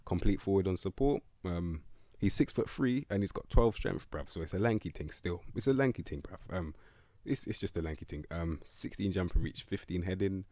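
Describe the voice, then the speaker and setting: A man's voice: sits low, lively intonation, moderate pace, mellow, no echo, studio quality. A young man giving blunt, slang-heavy commentary on a football management game. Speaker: gaming video host.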